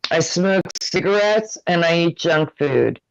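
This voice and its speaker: An older man on a livestream talking in casual chat with a slow drawl that can sound slurred. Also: fairly high pitch, animated, creaky. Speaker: livestream guest. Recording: dull lo-fi stream audio.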